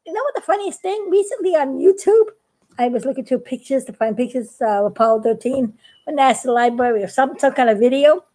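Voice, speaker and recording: Older woman, casual craft vlogger, giggly and folksy, very lively pitch. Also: a little fast. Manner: giggly, laughs often between lines; folksy, chatty, rambling. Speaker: craft video maker. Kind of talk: casual how-to vlog.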